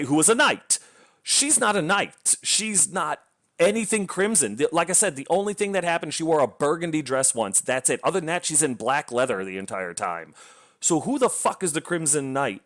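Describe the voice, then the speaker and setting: A man's voice: a little high, fairly bright tone. A man giving a casual book review rant, blunt and sarcastic, swearing freely in exasperation.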